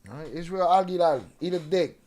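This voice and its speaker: Talking back to chat in a casual rant, this young man swears, picks fights with commenters, and mixes in Spanish slang. He speaks fairly quickly in a fairly high voice with a dark tone.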